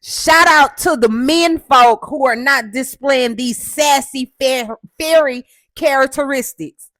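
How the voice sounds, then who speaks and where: A woman from Houston hosting a casual commentary show, loud and assertive, with a coarse voice, often tagging "okay?". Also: high-pitched, slow, no room sound. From Houston, Texas. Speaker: host.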